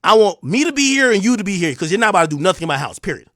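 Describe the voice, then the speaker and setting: Brief: New Jersey man, livestream host, confrontational rant, high lively voice, dry close sound. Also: very fast, no room sound. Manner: taunting, confrontational, swings between loud and low. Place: home streaming room.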